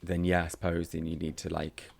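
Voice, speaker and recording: A man's voice: sits low, monotone, brisk, creaky. A man in his thirties, an actor chatting as a podcast guest, talking loosely with restarts and easy laughs. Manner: chatty, self-interrupting, laughs easily. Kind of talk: casual interview chat.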